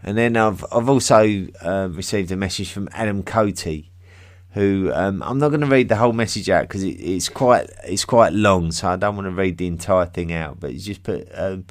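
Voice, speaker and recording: A man's voice: deep voice, normal speed, dry recording. An English man hosting a history podcast, chatting casually through listener mail with plenty of ums, restarts and self-deprecating asides.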